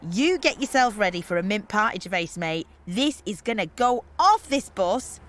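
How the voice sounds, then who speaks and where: A woman's voice: mid-range voice, expressive, moderate pace, lightly acted. An actress playing a brash, boozy young woman organising a party trip in a comedy radio play, cheeky and slangy.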